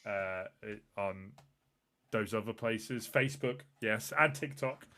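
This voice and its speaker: A man's voice: on the low side, takes it slowly, bright, forceful tone. A man hosting a casual live podcast, rambling through a laughing, self-mocking sign-off. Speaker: podcast host and producer.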